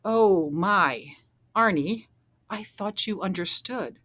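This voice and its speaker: A woman voicing a kindly, matter-of-fact male baker who speaks calmly. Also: mid-range voice, slow.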